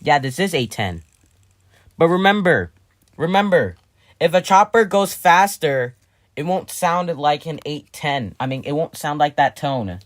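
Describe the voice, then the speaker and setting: A man's voice: fairly high pitch, expressive, measured pace, a bit bright. Rambling man explaining his siren build. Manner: rambling, restarts sentences, self-corrects. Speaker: hobbyist vlogger. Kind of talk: casual explaining.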